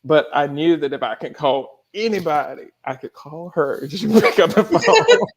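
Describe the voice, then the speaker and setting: A man's voice: a little high, sing-song, moderate pace. A man, a life coach and guest, telling a story in a casual spiritual chat. He laughs often and curses casually.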